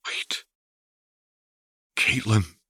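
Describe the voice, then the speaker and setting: A woman's voice: extremely slow, no echo, studio quality. A man voicing a hot-tempered young woman brawler whose voice climbs sharply as she gets angry. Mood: alarmed. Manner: shouting, rising in anger.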